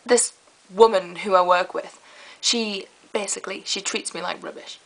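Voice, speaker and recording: A teenage girl, chatting to camera in a rambling, lively way. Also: medium pitch, moderate pace, gravelly, rough recording. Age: teens. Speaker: vlogger. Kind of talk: casual chat to camera.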